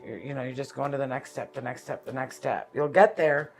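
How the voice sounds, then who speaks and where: Man, tarot reader, gravelly, halting, searches for words, soft music behind. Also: medium pitch. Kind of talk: live-streamed tarot reading.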